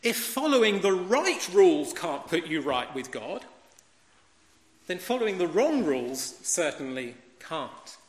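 A man's voice: fairly high pitch, sing-song, measured pace. A man preaching a sermon, emphatic and fond of rhetorical questions. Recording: echoey hall with long reverb.

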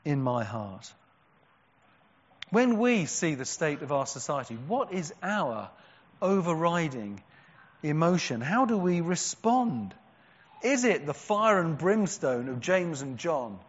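A man preaching a sermon, earnest, with strong emphatic peaks and quiet, slow, drawn-out words. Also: fairly high pitch, breathy edge. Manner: earnest, rising to emphatic cries and dropping to hushed, slow stresses. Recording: dull sound with a long hall echo.

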